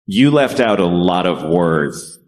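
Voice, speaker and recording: A man's voice: low-pitched, sing-song, slow, a little mellow. A man doing a stand-up comedy routine, profane and sardonic, with rambling rants.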